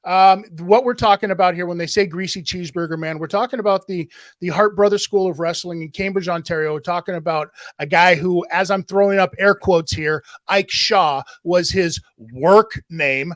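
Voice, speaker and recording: A man hosting a podcast, telling a story with emphatic, animated delivery. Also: high-pitched, normal speed, few pauses, no echo. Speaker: podcast host. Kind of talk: casual chat.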